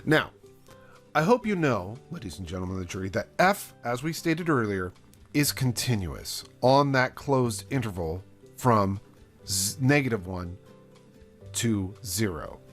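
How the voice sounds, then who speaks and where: A man's voice: on the low side, sing-song, a little slow, a bit bright, soft background music. A man teaching calculus in a playful, chatty way, speaking straight to the viewer. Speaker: math teacher. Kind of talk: casual math lesson explained through a courtroom story.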